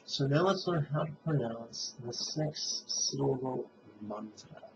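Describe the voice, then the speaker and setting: Very slow gravelly male meditation teacher. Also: medium pitch, expressive, muffled recording, slight background noise. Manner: slow, deliberate call-and-response chanting. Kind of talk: guided mantra recitation.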